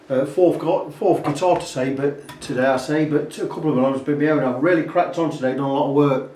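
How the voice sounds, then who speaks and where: A man's voice: fairly high pitch, a little fast, mellow. Chatty man in an echoey workshop. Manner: rambling, chatty, fills gaps with "blah blah". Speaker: guitar repair technician. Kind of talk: casual workshop walkthrough. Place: repair workshop. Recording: roomy, distant workshop sound.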